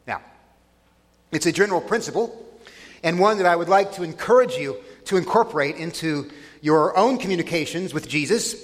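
A man preaching a sermon in a deliberate way, with dry irony. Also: high voice. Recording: long reverb of a large hall.

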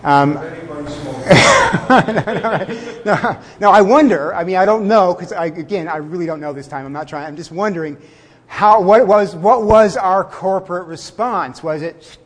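A man preaching a sermon in a conversational way, with fillers, chuckles and slowed words for emphasis. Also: sits high, expressive, breathy edge, in a large hall. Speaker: pastor.

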